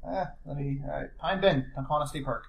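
A man's voice: fairly high pitch, fairly quick, gravelly, dull audio, slight background noise. A man running a tabletop game as game master, recapping the last session with many fillers and restarts. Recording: echoey room.

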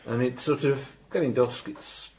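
A man's voice: mid-range voice, steady tone, measured pace, a little hiss or hum. A man running a tabletop game as game master, describing scenes in a chatty, hesitant way. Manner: chatty, hesitant, full of ums, warmly descriptive.

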